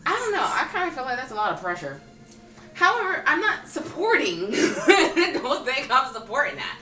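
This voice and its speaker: Female vlogger, bright, lively delivery, slightly higher pitch, roomy echo. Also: normal speed. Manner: animated, acts out characters' lines. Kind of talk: casual film review chat. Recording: roomy echo, distant mic, faint music.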